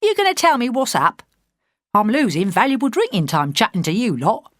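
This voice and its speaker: A cheeky, skinny young lad , as a woman reads him, with a broad Cockney accent and a cocky, slangy, teasing manner. His voice swoops lively up and down. The recording is dry and close, with no room sound. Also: fairly high pitch, normal speed, no echo, voice pushed up.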